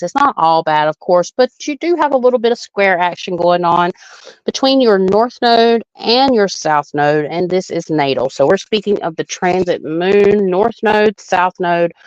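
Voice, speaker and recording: A woman's voice: lowish voice, dry recording, highs cut off. A woman hosting a live astrology chart reading, talking in a loose, chatty way and laughing often.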